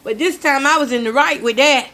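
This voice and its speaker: Chatty older woman, high voice. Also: a little fast, sharp tone. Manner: chatty, emphatic, addresses listeners as y'all. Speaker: show host. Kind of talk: casual storytelling vlog. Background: talks while cooking.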